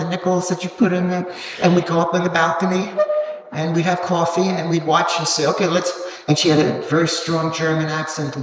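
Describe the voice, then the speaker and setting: An older man giving a rambling, halting gallery talk as a guest, reminiscing with many pauses and fillers before an audience. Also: sits high, a bit bright. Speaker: cultural documentarian, guest. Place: gallery event room with an audience. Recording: echoey hall, distant mic, faint noise.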